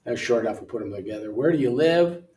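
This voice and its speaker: An older man working through an English app lesson in a relaxed way, thinking aloud and reading words off the screen, recorded from away from the mic in a room. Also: mid-range voice, quick pace, distant mic. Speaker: missionary English tutor. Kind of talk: casual walkthrough of an app lesson. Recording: roomy sound from away from the mic.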